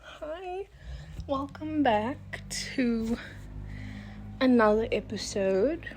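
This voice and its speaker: Recording on a handheld phone in a windowed room at home, a woman in her twenties hosts her own podcast, chatting and rambling, laughing often and dropping into whispered asides. Her voice is on the high side and mellow, with a measured pace. A slight background noise is audible.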